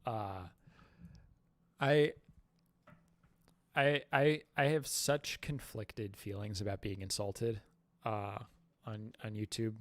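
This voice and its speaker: Slow, rambling man on a dry mic. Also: on the low side, fairly even intonation, no room sound. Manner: rambling, halting, full of fillers and self-mocking jokes. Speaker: livestream host. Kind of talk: casual livestream chat.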